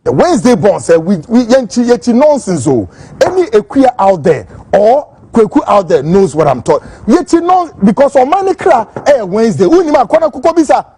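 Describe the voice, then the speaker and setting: A man's voice: extremely high pitch, big pitch swings, normal speed, dark tone, breathy edge, no echo. A Ghanaian man hosting a political commentary show, fiery and emphatic as he rants, switching between Twi and English. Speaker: host.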